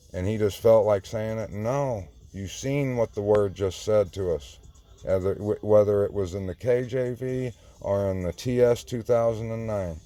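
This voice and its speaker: A man's voice: lowish voice, mellow. A man giving an informal sermon, insistent and confrontational, often repeating himself. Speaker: online preacher.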